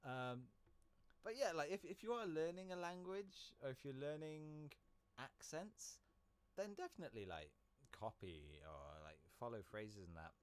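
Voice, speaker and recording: A man's voice: fairly high pitch, lively intonation, a little slow, clean tone. A man chatting casually while live-streaming a game, rambling and laughing easily. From Britain.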